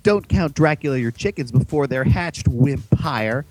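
A man's voice: mid-range voice, animated, a little slow, darkish tone, faint music behind, voice pushed up. A man voicing a cocky, wisecracking young male gamer in a dramatic reading of a novel. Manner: cocky, joking, raised voice.

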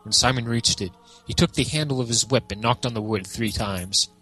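A man narrating a storybook aloud with an amused, lively delivery. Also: mid-range voice, brisk, breathy edge, soft background music. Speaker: reader. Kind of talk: reading a book aloud.

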